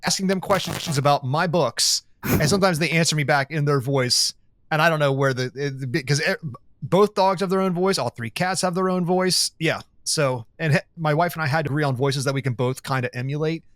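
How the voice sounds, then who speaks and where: A man's voice: on the high side, brisk, fairly bright tone, no echo, clean studio sound. A man hosting a podcast, chatting in a rambling way and laughing easily. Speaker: podcast host. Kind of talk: casual chat.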